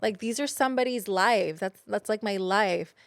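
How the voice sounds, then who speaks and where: A woman's voice: mid-range voice, normal speed, no echo. A young adult woman co-hosting a podcast in casual chat, swearing often, heated, and slipping into Spanish slang. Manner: profane, fired-up, mixes Spanish slang. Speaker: podcast co-host.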